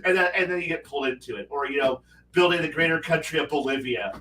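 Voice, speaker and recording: A man's voice: a little high, fast, bright, forceful tone, a little hiss or hum. A man hosting a livestream who chats casually about strategy games, rambling with many restarts and acting out quotes. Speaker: livestream host. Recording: roomy, with a distant mic.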